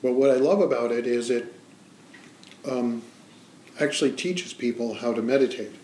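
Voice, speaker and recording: A man leading an informal meditation talk, speaking in a relaxed, hesitant way with frequent pauses. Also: medium pitch. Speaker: meditation teacher. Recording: echoey room with faint noise.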